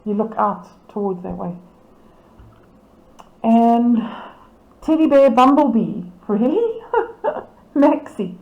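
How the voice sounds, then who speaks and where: Chatty woman, slow and roomy. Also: a little high, big pitch swings, creaky, mellow, muffled recording. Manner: chatty, amused, laughs often, reads out titles and names. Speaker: camera club presenter. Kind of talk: casual commentary over a photo slideshow.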